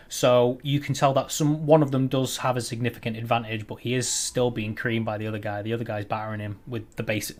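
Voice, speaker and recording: A man narrating a tabletop game as dungeon master, rambling with frequent ums and restarts. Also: medium pitch.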